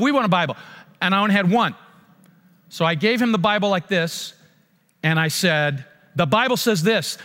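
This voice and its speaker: Man, pastor, lively sermon storytelling, acts out dialogue, high voice, reverberant hall. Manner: animated, acts out dialogue, frequent restarts.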